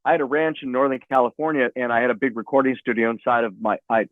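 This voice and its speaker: A man's voice: mid-range voice, fairly even intonation, fast talker, no echo. A man telling a rambling, profanity-laced story as a podcast guest, repeating himself as he goes, over a tinny phone-like line. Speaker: guest musician. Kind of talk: casual storytelling.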